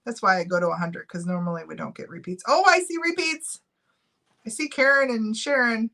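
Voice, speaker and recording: A woman's voice: a little high, brisk, bright, forceful tone. A middle-aged woman chatting casually on a live stream, giggling often and reading out viewer names while she runs a giveaway.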